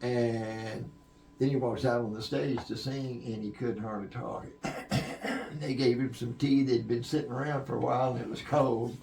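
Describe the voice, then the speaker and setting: Gravelly older man telling stories. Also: mid-range voice, steady tone, moderate pace, distant mic, noisy background. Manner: rambling anecdotes with many fillers and restarts. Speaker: interview guest, veteran sound engineer. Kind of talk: storytelling in a podcast interview. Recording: echoey room.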